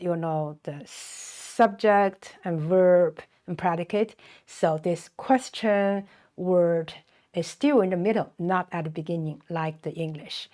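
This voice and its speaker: A middle-aged woman from China with a Chinese accent, teaching a beginner language lesson and patiently repeating phrases slowly for learners. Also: lowish voice, a little mellow. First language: Mandarin Chinese.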